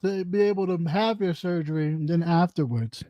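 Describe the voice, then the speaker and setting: A commentary show host talking in a crude, mocking, profane way, out of breath, with drawn-out eating noises. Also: medium pitch, no room sound, muffled recording. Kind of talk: casual commentary.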